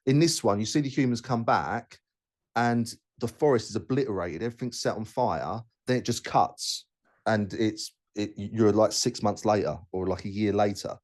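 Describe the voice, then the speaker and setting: Low-voiced man, blunt and rambling. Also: moderate pace. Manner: blunt, rambling, lots of restarts. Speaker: podcast host. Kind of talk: casual chat.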